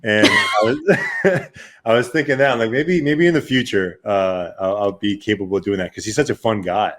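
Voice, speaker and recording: A man's voice: lowish voice, moderate pace, fairly bright tone. A man hosting a casual podcast chat, loose and playful, swearing freely. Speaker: podcast host.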